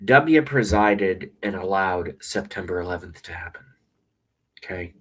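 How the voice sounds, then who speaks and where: A man with a low, husky voice rants into a webcam, rambling and sarcastic and dropping profanity. He talks straight to camera like a political vlogger. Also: animated, a little slow, a bit bright, poor audio. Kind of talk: ranting monologue to camera.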